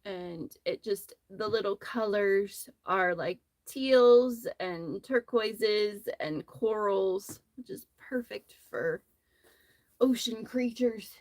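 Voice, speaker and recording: Woman, casual crochet chat, rambling storyteller, medium pitch, dry close phone audio. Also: slow pace, a little mellow, no room sound. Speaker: crochet livestream host.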